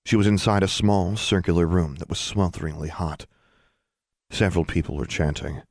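A man narrating a fantasy novel aloud in a measured, even storytelling read. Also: low-pitched, no room sound. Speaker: audiobook narrator. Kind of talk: scripted narration.

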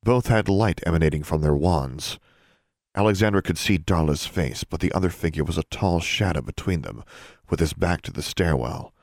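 A man narrating a fantasy audiobook in a measured, suspenseful storytelling manner. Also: deep voice, a little mellow, no echo, studio quality.

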